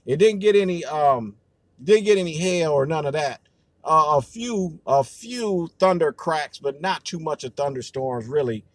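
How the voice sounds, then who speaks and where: A man's voice: on the high side, lively intonation, unhurried, dry recording. Profane, rambling man on a dry mic. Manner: loose, profane, rambling with many fillers. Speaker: livestream host. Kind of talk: casual livestream talk.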